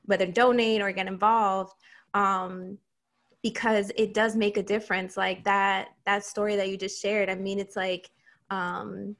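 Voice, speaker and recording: A woman's voice: mid-range voice, little pitch movement, unhurried, a bit bright. A woman hosting a casual conversation, talking in a rambling way with many fillers. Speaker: host.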